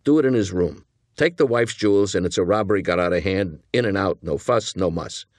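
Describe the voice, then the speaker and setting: A man's voice: low voice, no echo, studio quality, close to an everyday voice. A man voicing a nervous young male hitman partner who talks earnestly and pleads, in an audiobook reading. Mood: nervous pleading. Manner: earnest, pleading, talking fast.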